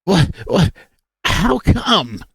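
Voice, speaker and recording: A man voicing a frightened young male lynx, loud whisper, high voice. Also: very animated, very slow, gravelly, husky, no room sound, exaggerated voice. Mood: bewildered.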